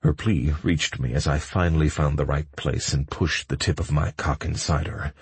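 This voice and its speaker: A young adult man reading a first-person audiobook in a slow, low-key way. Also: fairly even intonation, husky, no echo. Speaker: narrator. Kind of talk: audiobook narration.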